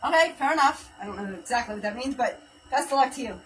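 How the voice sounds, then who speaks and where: A woman's voice: a little high, lively intonation, fast, fairly bright tone, recorded from a distance, slight background noise, low-quality recording. A woman hosting a live home workout stream, counting reps aloud and chatting casually while she exercises, a little out of breath. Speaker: fitness livestream host. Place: home workout space, livestream.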